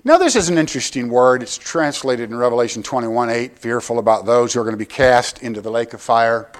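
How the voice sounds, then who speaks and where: Speaking a little fast at medium pitch, an older man preaches to his church as its pastor. He's casual and joking, regularly turning to the congregation with direct questions.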